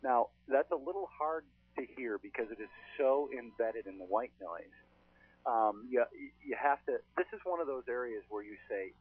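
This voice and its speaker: Male ghost-hunter guest, chatty storyteller, husky, dry phone sound. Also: medium pitch, animated, normal speed, no room sound. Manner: chatty, storytelling, frequent "uh" fillers. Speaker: paranormal investigator guest. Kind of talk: casual podcast chat. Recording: thin phone-line sound.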